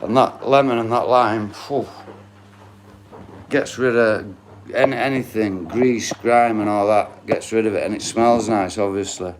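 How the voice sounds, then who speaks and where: A man's voice: on the low side, unhurried, slight background noise. A man in his late forties with a Yorkshire accent, chatting casually to his live-stream viewers, swearing freely and talking straight to the chat. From Yorkshire, England. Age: 40s. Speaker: livestreamer.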